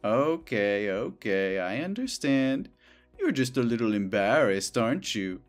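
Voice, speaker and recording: A sugary, wheedling coworker who will not take no for an answer, played by a man. He drawls slowly, his voice rising and falling with lively swings, while soft music plays underneath. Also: mid-range voice. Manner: sugary, wheedling, overly familiar. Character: clingy possessive male coworker, young adult. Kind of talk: scripted dialogue drama.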